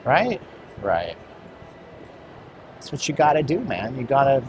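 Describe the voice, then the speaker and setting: A man's voice: medium pitch, very animated, unhurried, pauses often. A man live-streaming while walking outdoors on a hot city street, bluntly rambling to his chat. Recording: street traffic noise.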